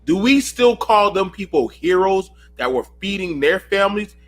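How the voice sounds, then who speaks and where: A man's voice: sits high, lively intonation, normal speed, slight background noise. A man in his thirties hosting a heated panel call, preachy and emphatic, often repeating himself. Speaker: host of a panel call show.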